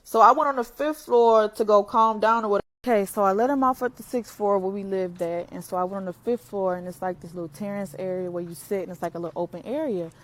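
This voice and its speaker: A woman's voice: mid-range voice, fast talker, hardly any pauses. A young adult woman telling a personal story on camera in a candid, blunt, profane and emotional way. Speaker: vlogger.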